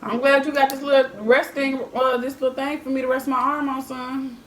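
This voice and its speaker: A woman's voice: high voice, flat delivery, a little fast. A young woman vlogger, chatting casually while eating and talking to her baby son. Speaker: mukbang vlogger. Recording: echoey room with background noise.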